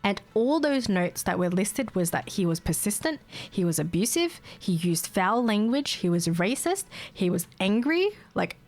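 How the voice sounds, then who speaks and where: A young woman streamer chatting casually and telling a story, blunt and sweary, quick to mimic the people she talks about. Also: mid-range voice, sing-song, darkish tone, faint music behind. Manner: mimics callers and herself in quoted bits. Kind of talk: casual chat, venting a story.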